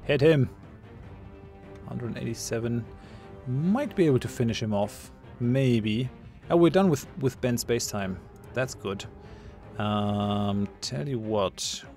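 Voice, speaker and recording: A man's voice: medium pitch, animated, slow pace, a little mellow, soft background music. A man giving casual commentary while he plays a game, thinking aloud, muttering and laughing at his own jokes. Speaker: gamer playing a ship combat game.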